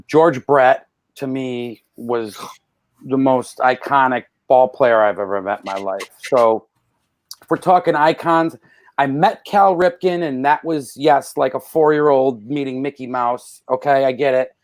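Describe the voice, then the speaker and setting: A man guesting on a podcast speaks at a measured pace, with no echo in the recording. In casual storytelling he's animated, acting out the people he quotes through loud shifts in pitch.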